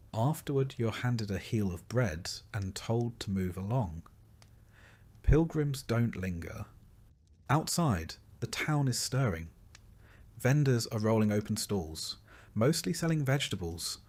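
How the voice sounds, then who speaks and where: A man calmly narrating a soothing bedtime history story in the second person. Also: medium pitch. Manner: soft, soothing and unhurried.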